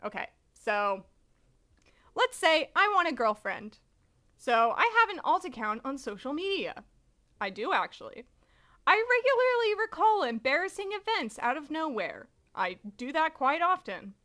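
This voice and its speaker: A woman streamer reading a manga aloud, chatty and animated, swearing freely. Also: high-pitched, measured pace. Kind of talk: casual live-stream commentary.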